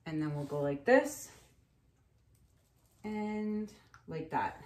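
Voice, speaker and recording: A woman's voice: deep voice, lively intonation, takes it slowly, darkish tone. A woman in her thirties, chatting casually and rambling with fillers as she paints and tells a story. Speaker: acrylic pour artist. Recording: echoey room.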